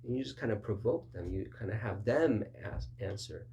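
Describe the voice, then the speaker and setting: A man gives a relaxed, conversational sermon in a lowish voice. He keeps slipping into short acted dialogues, lifting his pitch for the other side. A faint hum sits underneath the recording. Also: moderate pace, vocal fry, few pauses. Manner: conversational, acts out both sides of dialogues with raised pitch. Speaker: pastor.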